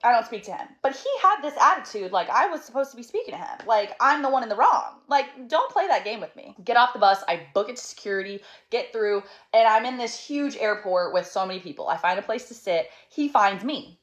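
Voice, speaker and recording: Sassy animated woman telling a storytime. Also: a little high, brisk, hardly any pauses, rough recording. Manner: animated, sassy, exasperated, laughs between lines. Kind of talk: casual storytime monologue.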